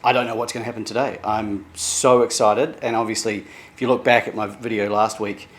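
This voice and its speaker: Halting, emotional middle-aged man. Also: fairly low pitch, little pitch movement. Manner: halting and emotional, with many restarts and self-quotes. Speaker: vlogger sharing therapy progress. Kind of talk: candid personal vlog monologue.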